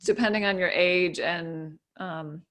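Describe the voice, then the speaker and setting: A woman's voice: fairly low pitch, steady tone, unhurried, fairly bright tone. A woman giving a casual, easygoing explanation as a guest speaker, with many fillers and restarts.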